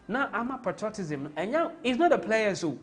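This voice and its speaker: A man with a Ghanaian accent hosts a live football stream, his voice sitting a little high. He talks with passion and rambles from one point to the next, mixing in Twi phrases. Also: very animated, normal speed. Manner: impassioned, rambling, switches into Twi. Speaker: host.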